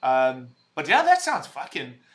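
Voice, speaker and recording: Loud, laughing bright-voiced man. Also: on the high side, wildly swooping pitch, unhurried. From visitor to the UK. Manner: loud, laughing, swearing, rambling. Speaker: livestream host reading chat. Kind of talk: casual livestream chat.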